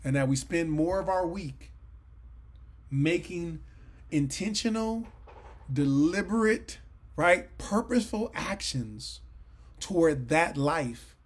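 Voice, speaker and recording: A man's voice: fairly high pitch, lively intonation, slow pace, long pauses. A man in his late forties giving a Bible study lesson, talking earnestly and conversationally with sudden emphatic bursts. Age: 40s. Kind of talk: sermon-style Bible teaching. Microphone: livestream mic.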